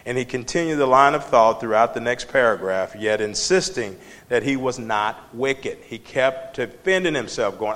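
A man's voice: medium pitch, expressive, moderate pace, few pauses, fairly bright tone. Male Bible study teacher, emphatic and conversational, quizzing the class, with a long hall echo. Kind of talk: preaching Bible study lesson.

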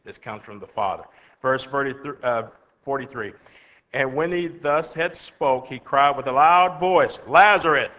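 A man with a slightly high voice preaches a sermon, reading scripture aloud and then explaining it in plain words. He asks his listeners rhetorical questions as he goes. His voice rings out with a long reverb, as in a big hall. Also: sharp tone.

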